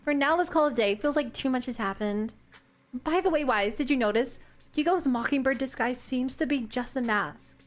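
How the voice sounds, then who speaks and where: A woman voicing a determined young female proxy in a video game, reading the lines quickly and steadily. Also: sits high, natural voice.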